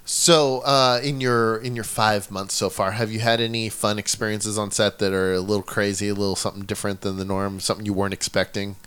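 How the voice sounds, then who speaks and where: A man hosting a casual chat, speaking haltingly with many hesitant starts. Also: lowish voice, fairly even intonation, a bit bright, clear, resonant tone. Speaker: host.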